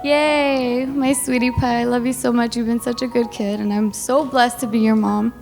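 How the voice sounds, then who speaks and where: Bride's toast, woman fighting tears, high voice, soft music behind. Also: steady tone, moderate pace, gravelly. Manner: emotional, tearful, laughing between lines. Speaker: bride giving a wedding toast. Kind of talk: heartfelt wedding speech.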